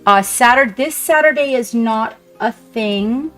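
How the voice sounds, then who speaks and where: A woman streamer chatting casually and warmly with her viewers, gushing and rambling as she paints. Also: fairly high pitch, unhurried, faint music behind. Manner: chatty, effusive, talks to chat. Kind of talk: casual live-stream chat.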